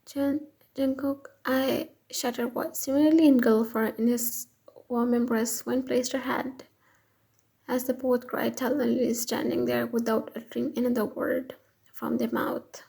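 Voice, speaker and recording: A woman reading a fan fiction story aloud in an even, unhurried way. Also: a little high, creaky, husky, low-quality recording.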